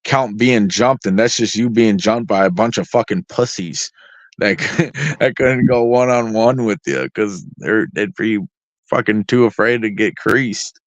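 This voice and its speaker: A man's voice: on the low side, measured pace, dry recording. A man, the guest artist in an interview, tells stories casually, swearing heavily and rambling through plenty of fillers. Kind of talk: casual storytelling. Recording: dry, slightly dull lo-fi sound.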